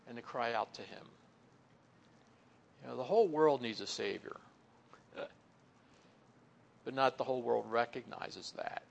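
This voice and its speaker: A man preaching a conversational sermon, leaning on "you know" and stretching key words slowly before dropping to a soft, low close. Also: gravelly, slight background noise. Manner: folksy, fills pauses with "you know". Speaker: pastor or Bible teacher.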